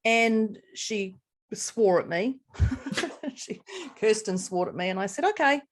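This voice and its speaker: A middle-aged woman, co-hosting a podcast in casual chat, a lively storyteller who laughs often. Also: medium pitch, slow, slight background noise. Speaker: podcast co-host.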